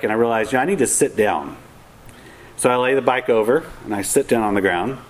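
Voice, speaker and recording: A man's voice: mid-range voice, low-quality recording. Middle-aged guy telling a funny story on himself, wry, bit of background hiss. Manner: wry, self-mocking, animated quoting of others. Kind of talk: humorous personal storytelling.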